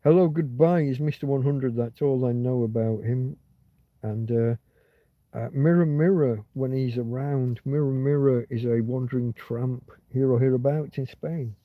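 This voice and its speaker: Speaking at normal speed and medium pitch, a man streams live from a field and meanders from topic to topic in relaxed chat. The dull, lo-fi recording is dry, with no room sound.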